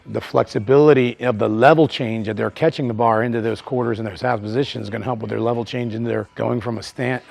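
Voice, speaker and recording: A man's voice: lowish voice, vocal fry. A middle-aged man, a strength coach, explaining lifting technique in plain, filler-heavy talk and calling out short cues to athletes in a gym. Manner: plain-spoken, lots of fillers, barks short loud cues during lifts. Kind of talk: instructional talk and live lift coaching. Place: training gym.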